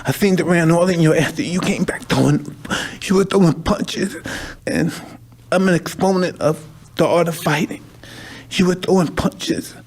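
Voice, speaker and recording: A man's voice: on the high side, normal speed, darkish tone, slightly rough. A man hosting a conversation, talking intensely and emotionally, repeating himself and swearing, at times crying. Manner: intense, emotional, repetitive, profane. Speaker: podcast host.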